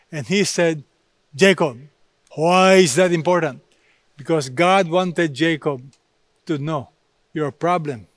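Slow, emphatic male preacher. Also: fairly high pitch, fairly bright tone, no room sound. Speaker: pastor. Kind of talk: sermon.

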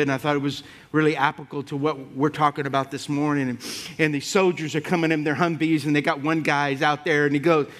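A middle-aged man preaching an animated sermon as pastor, building to shouts and calling out "come on" to the congregation. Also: a little high.

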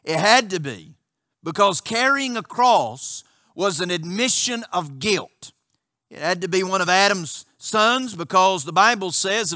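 A man's voice: sits high, pushed and bright, dry recording, clean studio sound. A male pastor preaching a sermon with passion, asking rhetorical questions of his congregation.

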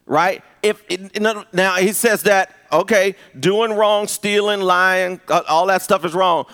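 A man preaching a live sermon, conversational and full of restarts, rising to high emphatic peaks. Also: steady tone, measured pace, a bit bright, clean tone. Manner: conversational with repeated restarts and rhetorical asks. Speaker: pastor.

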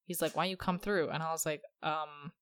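A woman's voice: low-pitched, steady tone, brisk, fairly bright tone, clean tone, dry recording. A young woman hosting a podcast, telling stories in a chatty, sarcastic way. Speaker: podcast host. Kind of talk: casual chat.

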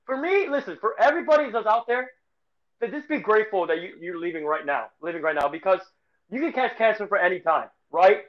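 A man co-hosting a casual sports podcast, talking in a halting, emotional way with many restarts and repeated words. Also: high voice, animated, lo-fi sound. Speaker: podcast co-host.

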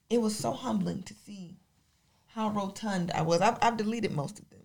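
Woman co-host, relaxed self-mocking banter. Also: mid-range voice, brisk, gravelly. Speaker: podcast co-host. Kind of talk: casual chat.

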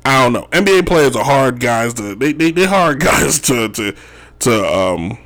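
A man's voice: medium pitch, sing-song, measured pace, fairly bright tone. Rambling, joking male sports talk host. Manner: rambling, joking, says "if you will" often. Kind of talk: casual sports commentary. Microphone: wearing Chicago sports gear.

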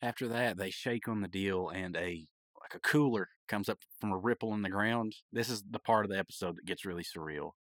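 A man hosting a podcast, casually recapping a cartoon episode, rambling with frequent laughs and quick acted-out lines. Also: on the low side, fairly bright tone, no echo.

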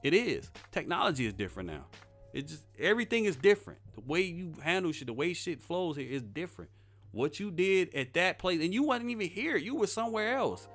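A man's voice: fairly high pitch, sing-song, a little fast, fairly bright tone, soft background music. A young man telling a work story in a casual, blunt, profane rant, defiant about a boss. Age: young adult. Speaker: vlogger.

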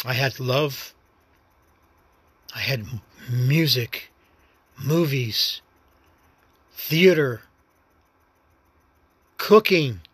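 A man with a New York accent talks through his life story on his own podcast, rambling and reflective without pushing. His voice sits in an ordinary middle pitch. The recording is dry and close, with no room sound. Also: extremely slow, long pauses, fairly bright tone, husky, dry recording. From New York City. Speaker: podcast host. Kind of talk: casual personal monologue.

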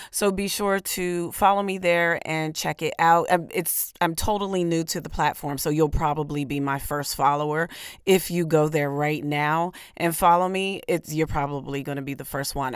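A woman with a deep voice hosting her own podcast in casual chat, energetic and playful. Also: smooth, no room sound, clean studio sound. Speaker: podcast host and comedian.

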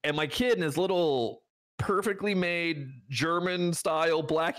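A man's voice: sits high, measured pace, a bit bright. A man from the United States co-hosting a podcast in casual chat. He rambles, restarts his sentences often and laughs a lot. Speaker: podcast co-host.

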